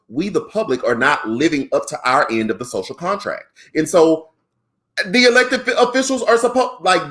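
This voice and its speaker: A podcast co-host with a Southern African American accent walks through the news in casual political commentary. He's animated and conversational, tossing in slangy asides, and his voice sits at an ordinary middle pitch.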